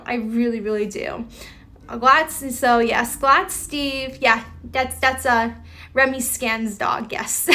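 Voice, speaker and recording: A woman's voice: fairly high pitch, pushed and bright. A woman chatting casually with her viewers on a live stream, rambling with lots of fillers and restarts.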